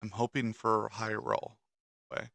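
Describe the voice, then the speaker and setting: A man's voice: fairly low pitch, big pitch swings, a little slow, creaky, bright, forceful tone, no echo. A man running a tabletop game as game master, laid-back and chuckling often.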